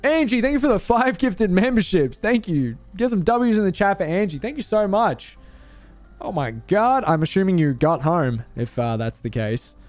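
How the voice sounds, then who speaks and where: A man's voice: sits high, very animated, moderate pace, darkish tone, no echo, faint music behind. A male streamer commenting live on a game, joking and swearing as he plays and thanks his chat.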